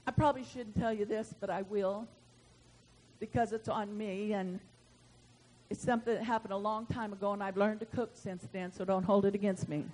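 A middle-aged woman preaching a sermon in a folksy, animated storytelling manner, acting out the voices of the people in her stories. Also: medium pitch, normal speed, rough recording.

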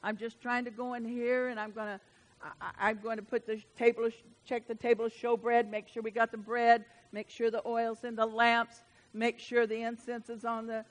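A woman preacher voicing Zechariah as an earnest, dutiful male high priest. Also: little pitch movement, normal speed, in a large hall, natural voice. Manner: earnest, pleading.

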